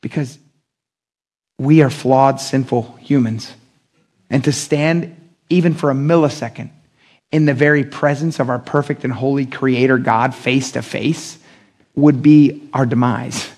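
A male pastor preaching an animated sermon, acting out the quotes with big pitch jumps and joking with the congregation. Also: measured pace.

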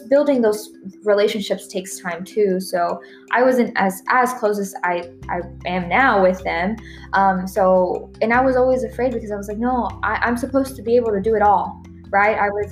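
Chatty woman guest, laughs easily. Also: mid-range voice. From Texas, USA. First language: Spanish. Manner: laughs often, acts out remembered dialogue. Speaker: podcast guest. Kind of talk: casual interview conversation.

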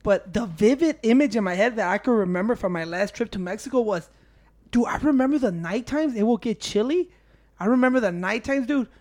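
A man's voice: sits high, animated, fairly quick, a little mellow. A young man from Chicago in casual chat, loose and profane, calling his friend "dude" and "bro". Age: young adult.

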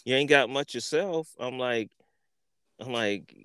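A man hosting a podcast, telling a story in an animated, profane way, repeating words and acting out what people said. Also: medium pitch, unhurried, clear, resonant tone, dry recording. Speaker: podcast host. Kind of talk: casual storytelling.

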